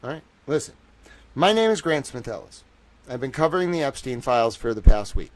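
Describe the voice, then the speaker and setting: A young man hosting a livestream, ranting excitedly and profanely, swinging from shouting outrage to low muttering. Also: brisk. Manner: profane, emphatic. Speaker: livestream host.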